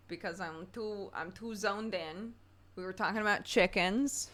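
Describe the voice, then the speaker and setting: A woman's voice: medium pitch, fairly bright tone. A woman streaming a game, chatting casually with viewers in a rambling way and laughing often. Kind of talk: casual chat with viewers while gaming.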